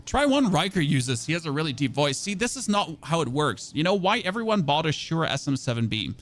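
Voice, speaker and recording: A man's voice: on the high side, sing-song, a little fast, few pauses, a bit bright, soft background music. A man whose first language is German, chatting loosely with his stream audience as a game streamer, rambling and poking fun at himself. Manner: rambling, chatty, self-mocking, with restarts. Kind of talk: casual chat with live chat.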